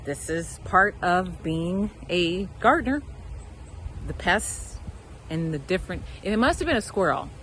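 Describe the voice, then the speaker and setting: A woman's voice: lowish voice, animated, a little slow, fairly bright tone, a little hiss or hum, poor audio. A woman with a Southern American accent vlogging in her outdoor garden, talking straight to the critters and airing her frustration. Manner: exasperated, talks to garden critters. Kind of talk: casual garden vlog.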